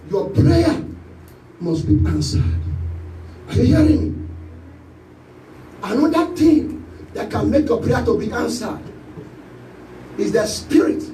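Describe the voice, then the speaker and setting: A man with a Nigerian accent preaching a sermon as pastor, rising to shouted calls to the congregation. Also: very high-pitched, far from the mic, a little hiss or hum. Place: church hall. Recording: echoey church hall, voice from off-mic.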